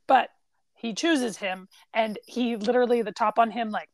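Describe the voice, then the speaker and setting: A woman's voice: on the high side, fairly even intonation, moderate pace. A woman co-hosting a podcast with her sister, casually retelling scenes and quoting lines. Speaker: podcast co-host. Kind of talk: casual chat.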